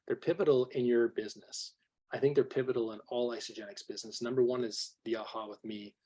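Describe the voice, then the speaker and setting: A man's voice: mid-range voice, quick pace, breathy edge. A man telling personal stories to his sales team on a call, acting out dialogue, his voice worn from a long night of talking. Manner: animated storyteller, acts out quoted dialogue. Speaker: guest trainer on a team call.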